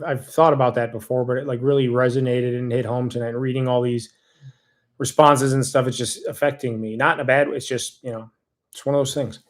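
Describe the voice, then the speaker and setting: Man, livestream host, casual rambling chat, reads comments aloud, heartfelt thanks, loses his train of thought. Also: medium pitch.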